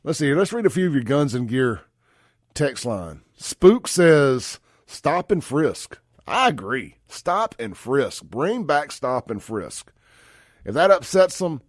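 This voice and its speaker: A man's voice: medium pitch, very animated, unhurried, dry recording, clean studio sound. A man from Mississippi hosting a talk radio show, blunt and folksy, calling listeners brother. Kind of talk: conservative talk radio commentary.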